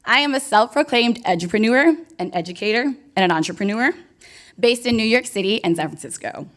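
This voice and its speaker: At a live award ceremony, a young woman serves as MC, bubbly and playful as she works the audience and talks to them directly with plenty of hype. Her voice is fairly high and a bit bright, with lively intonation and a fairly quick pace.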